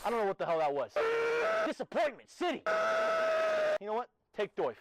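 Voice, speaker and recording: Brief: a creepy street skater, high-pitched, wildly swooping voice, menacing and unhinged. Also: male voice, very animated, fairly quick, very noisy. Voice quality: shrill, shouting, swings between wheedling and threats. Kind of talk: comedy sketch voice acting. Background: background music.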